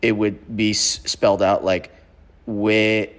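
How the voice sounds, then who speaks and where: Lowish-voiced guy from oklahoma, actor on a podcast, long casual explanations, dry one-liners. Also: level tone, slow pace. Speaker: guest actor.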